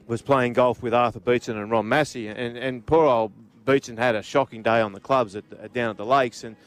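Australian male host, middle pitch, rambling yarn-spinner who repeats words. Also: steady tone, brisk, no room sound. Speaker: radio host. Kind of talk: casual storytelling chat.

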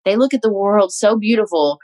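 A young woman guest in a casual interview, earnest and warm, laughing often as she talks. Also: medium pitch, lively intonation, brisk, dry recording, low-quality recording. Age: young adult.

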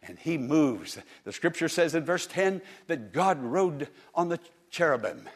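Preacher guy getting fired up, high voice that swoops all over, calls out to the crowd. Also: big pitch swings, measured pace, slightly rough. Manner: impassioned, rising and falling, calls on listeners to answer. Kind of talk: sermon.

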